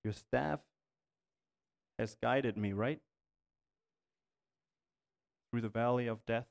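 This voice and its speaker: A man's voice: medium pitch, a little slow, gravelly. A man pastor with a German accent, preaching a sermon and praying in earnest, pleading tones. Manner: earnest, pleading, rising in intensity. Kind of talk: sermon and prayer. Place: church sanctuary. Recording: church hall reverb.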